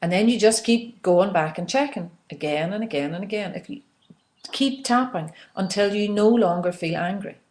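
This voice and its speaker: A woman coaching listeners through an emotional tapping exercise, often checking in with "okay?" and leading them in slow breathing and softly repeated release phrases. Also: medium pitch. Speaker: self-help coach. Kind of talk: guided instructional talk on emotional tapping.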